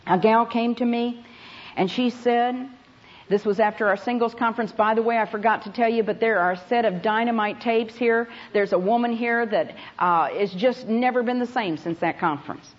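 A woman's voice: on the high side, normal speed, lo-fi sound. A woman Bible teacher giving a sermon to a conference audience, telling stories with emphasis and speaking to them directly.

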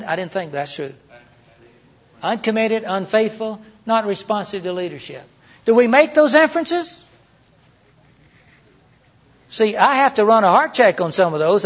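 A middle-aged man preaching in a conversational way, asking rhetorical questions and acting out quoted lines. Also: sits high. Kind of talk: sermon teaching. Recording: dull lo-fi sermon recording.

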